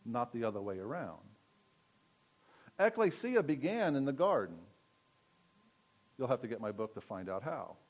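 A man giving a conversational sermon as pastor, teaching and asking his congregation questions. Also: mid-range voice.

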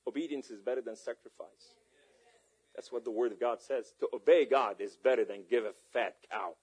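A man preaching a sermon and telling a story with passion, at times shouting. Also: mid-range voice, normal speed, husky. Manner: impassioned, rising to shouts.

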